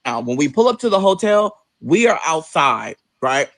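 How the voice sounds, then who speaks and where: A man spins a personal story with lots of swearing and sudden leaps into high, mocking voices for the people he quotes. His everyday voice sits a bit high for a man. The sound is dry and close, with no room echo. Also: normal speed. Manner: animated, profane, acts out quoted voices with big pitch jumps. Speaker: vlogger telling a personal story. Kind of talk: casual storytelling monologue.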